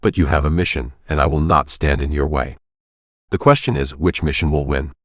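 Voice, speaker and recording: A man reading a cryptic calm priest. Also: extremely low pitch, fairly quick, no room sound, clean studio sound. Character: older priest, calm, knowing, mysterious.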